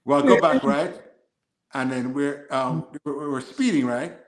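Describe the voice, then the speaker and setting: A man's voice: medium pitch, sing-song, normal speed. American man telling stories in a roomy echo. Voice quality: laughs often while telling anecdotes. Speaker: football coach. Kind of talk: casual chat, storytelling.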